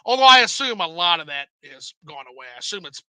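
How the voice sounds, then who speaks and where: Bright, lively high-voiced male host. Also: fast, poor audio. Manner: animated, jokey, swears freely. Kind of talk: casual live-stream chat.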